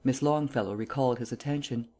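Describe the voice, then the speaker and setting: A man narrates an audiobook in a steady, measured way. His voice is mid-pitched and warm, and it has a mellow, softened edge. The reading is unhurried. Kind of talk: scripted narration.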